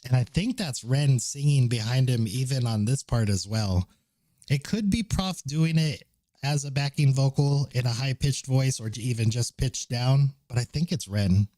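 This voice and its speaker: A man's voice: medium pitch, moderate pace, dark tone, no room sound. A man streaming live, reacting to a song in casual, enthusiastic commentary full of swearing and restarts. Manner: enthusiastic, profane, rambling with restarts.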